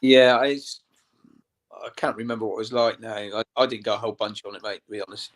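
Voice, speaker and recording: A man's voice: lowish voice, fairly even intonation, a little fast, fairly bright tone. A man, a co-host giving brief, easygoing replies in casual chat.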